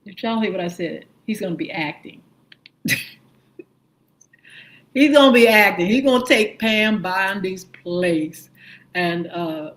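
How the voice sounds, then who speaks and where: Slow, chatty woman morning show host. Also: on the low side, a little hiss or hum, low-quality recording. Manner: chatty and opinionated, many "uh" fillers, asks the audience questions. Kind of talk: casual news commentary.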